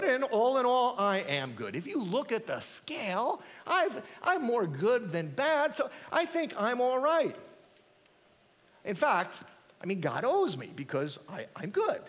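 A man's voice: high voice, a bit bright. A man preaching a sermon as pastor, emphatic and dramatic, acting out the voices in the passages he quotes. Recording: echoey hall.

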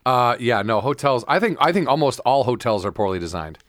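A man's voice: medium pitch, very animated, fairly quick, fairly bright tone, no echo, studio quality. A man co-hosting a casual sports and comedy podcast, telling loose stories and acting out what people said. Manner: loose storyteller, acts out quotes with bursts. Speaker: podcast co-host. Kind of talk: casual chat.

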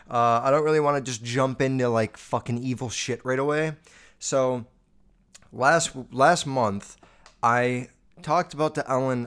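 A man hosting a podcast, ranting casually and swearing constantly in a loose, animated way. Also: medium pitch. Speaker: podcast host.

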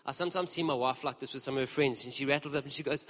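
A preacher telling a story in a sermon, lively and conversational as he speaks to the congregation in a church hall. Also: medium pitch, very fast, hardly any pauses. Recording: long reverb of a large hall.

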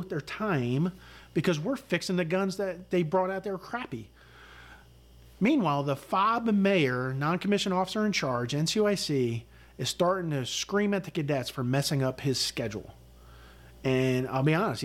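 A middle-aged man, a retired senior army sergeant, telling his story in an interview in a blunt, profane, animated way, acting out what people said. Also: a little high. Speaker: guest, retired command sergeant major.

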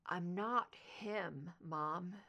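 A woman's voice: fairly low pitch, slow, sharp tone, lo-fi sound, voice pushed down. Woman voicing a subdued grieving son. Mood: somber. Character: grieving adult son, quiet and strained.

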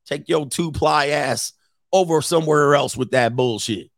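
A man hosting a reaction show, mocking a clip with brash, sing-song commentary and quick impressions. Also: on the high side, creaky, no echo, studio quality.

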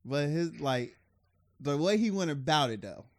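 Podcast co-host, man, animated swinging pitch, profane and laughing, dry close mic. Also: measured pace, no echo. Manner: loose and profane, laughs often, drifts between loud and mumbled. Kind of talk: casual chat.

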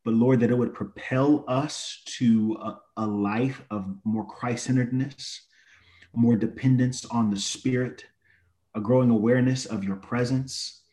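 A man leading a spoken prayer at a church service, halting with fillers. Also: mid-range voice, steady tone, warm tone.

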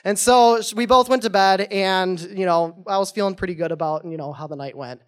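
Young man, storyteller, quick talker, light high voice, animated, goofy, chatty. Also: smooth. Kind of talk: live personal storytelling.

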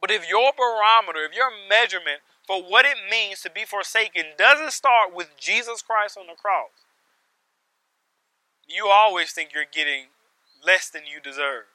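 A man preaching a sermon with emphasis, piling up repeated phrases and swinging between loud stresses and hushed lines. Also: high voice, animated, normal speed, no room sound, poor audio.

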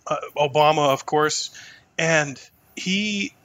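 A man in his thirties from New Hampshire, a podcast guest telling stories in casual, animated talk full of fillers and swearing. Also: fairly high pitch, takes it slowly. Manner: animated, profane, lots of fillers. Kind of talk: casual storytelling conversation.

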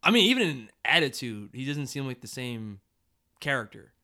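A man chatting casually, excitable and quick to laugh, often jumping in with questions. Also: medium pitch. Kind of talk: casual chat.

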